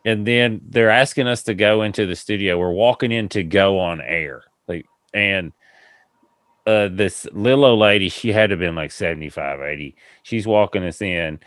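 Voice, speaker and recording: Rambling storytelling podcast man, low voice. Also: moderate pace, no echo. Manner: rambling, laughing, animated retelling with quoted voices. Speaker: podcast host. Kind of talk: casual storytelling chat.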